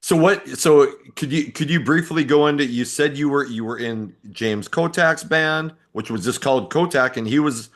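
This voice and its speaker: Man, interview host, casual questions, short backchannels, mid pitch. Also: normal speed, few pauses. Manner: brief agreeing backchannels, relaxed questions.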